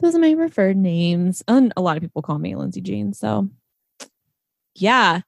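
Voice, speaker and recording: A woman's voice: medium pitch, lively intonation, normal speed, vocal fry, no room sound. A woman co-hosting a podcast in casual chat, frank and profane, teasing her friend. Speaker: podcast co-host.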